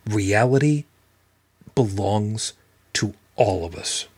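Male podcast host, husky and dry, blunt and foul-mouthed. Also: fairly low pitch, takes it slowly, a little mellow, dry recording. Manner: blunt, profane, emphatic. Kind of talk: casual livestream talk.

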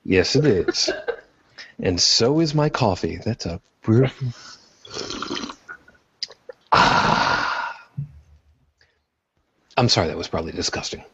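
Husky low guy hosting a podcast, jokey, rambles, muffled lo-fi audio. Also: big pitch swings, fairly quick, fairly bright tone. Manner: joking, self-deprecating, rambling. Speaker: podcast host. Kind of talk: casual chat.

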